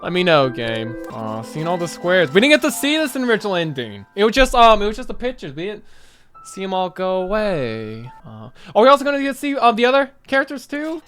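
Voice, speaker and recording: A gamer giving excited, rambling commentary while playing through a game's ending, talking to the game itself. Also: mid-range voice, fairly quick, soft background music. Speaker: let's play gamer.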